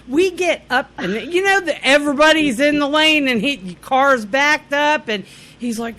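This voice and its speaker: A woman co-hosting a podcast, telling a story in casual chat, animated and laughing often, breaking into shouts when she quotes herself. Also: high voice, normal speed. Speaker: podcast co-host. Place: lives in Indiana.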